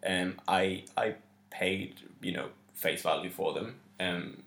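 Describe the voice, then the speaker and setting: This podcast co-host has a deep, slightly bright voice and speaks slowly. His casual talk is chatty and organized but peppered with ums and restarts, captured with a roomy echo.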